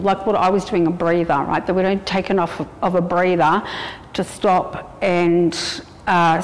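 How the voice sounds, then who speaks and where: A woman's voice: on the low side, darkish tone, long reverb tail. A woman giving a spiritual channeling reading, relaying messages in a rambling way with many fillers and breaking into chant-like syllables. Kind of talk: spoken channeling session.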